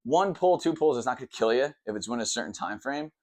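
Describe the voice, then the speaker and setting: Fast-talking man explaining mortgages. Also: medium pitch, lively intonation, a little mellow. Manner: fast, rambling, full of "okay" and "all right" check-ins; says he talks fast and tries to slow down. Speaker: mortgage lender.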